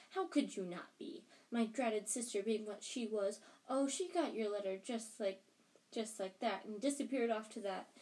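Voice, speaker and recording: A woman's voice: medium pitch, mellow, lightly acted, rough recording. A woman reading a storybook aloud, voicing a spiteful middle-aged aunt who shrieks and rants with bitterness.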